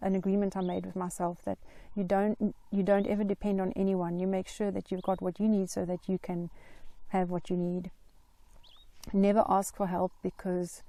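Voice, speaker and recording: A middle-aged woman recounts her own story in an earnest, reflective way, taking her time. Her voice is mellow and darker in tone, with a gravelly fry at the edges. The sound is dry and close, with no room around it. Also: medium pitch, no room sound. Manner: earnest, reflective, slow and deliberate. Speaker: Christian mental health vlogger. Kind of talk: personal story told to camera.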